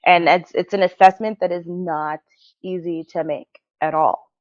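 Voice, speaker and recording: On a podcast, a female guest with a low, steady voice tells a personal story at a moderate pace, heartfelt and thoughtful in a casual interview setting. The recording sounds dull and lo-fi.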